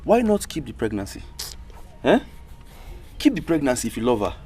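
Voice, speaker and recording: An actor with a Nigerian accent playing a blunt friend who mocks and scolds loudly. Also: male voice, medium pitch, big pitch swings, moderate pace, lightly acted. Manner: mocking, loud. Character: teasing, blunt young man, the friend. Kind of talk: film drama.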